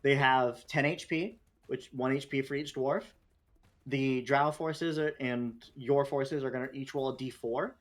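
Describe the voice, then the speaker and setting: A man's voice: medium pitch, steady tone, a little slow. A man running a tabletop game as game master, talking loosely with lots of fillers and restarts.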